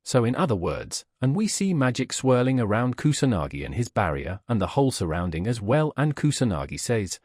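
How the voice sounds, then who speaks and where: A man narrating a comic story recap in a steady storytelling manner. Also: medium pitch, fairly quick, hardly any pauses, no room sound, studio quality.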